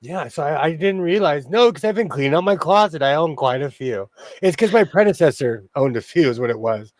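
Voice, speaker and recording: A man's voice: on the high side, animated, a little fast, dry recording. A man hosting a casual sewing livestream, chatty and rambling, laughing often. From Los Angeles area. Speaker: host.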